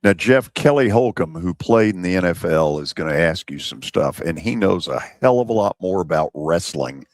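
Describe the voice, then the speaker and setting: A man's voice: low voice, lively intonation, normal speed, hardly any pauses, dry recording, clean studio sound. A man hosting a sports talk radio show, conversational as he chats with his guest. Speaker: radio host.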